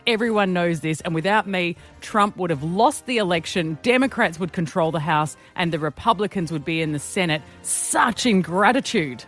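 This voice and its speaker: A woman's voice: on the low side, expressive, moderate pace, hardly any pauses, faint music behind. A woman host reading a tech billionaire's angry posts aloud in her own voice, with emphatic delivery. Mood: indignant.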